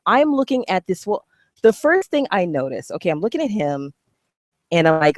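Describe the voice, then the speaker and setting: A woman's voice: fairly low pitch, sing-song, brisk, no room sound, studio quality. Heated, profane woman ranting. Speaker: online commentator. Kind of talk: ranting reaction commentary.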